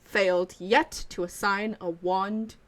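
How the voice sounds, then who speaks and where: A woman voicing an eccentric, excitable old male wandmaker who speaks in theatrical exclamations. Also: medium pitch, slow pace. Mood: coaxing.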